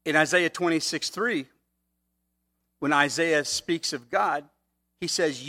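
A man's voice: a little high, takes it slowly, long pauses, bright, forceful tone. A man preaching a sermon in a conversational way, often checking in with "okay?" asides. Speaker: pastor.

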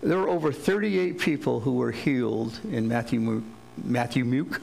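A man's voice: mid-range voice, moderate pace, gravelly, a little mellow, slight background noise, low-quality recording. A male pastor giving a sermon in a casual, joking way, paraphrasing Bible stories in everyday speech.

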